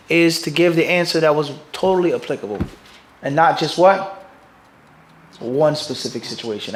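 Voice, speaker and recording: A middle-aged man, a mufti, gives a religious lecture to a class. He keeps leaving blanks for the listeners to fill in and checks that they follow him. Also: a little high. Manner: quizzes listeners with fill-in "what?" prompts; keeps checking "everybody understand this?". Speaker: mufti teaching a hadith class.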